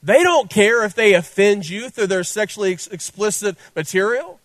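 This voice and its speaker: A man's voice: sits high, animated, normal speed, dry recording. A man preaching a sermon as pastor, fervent and repetitive, addressing listeners directly.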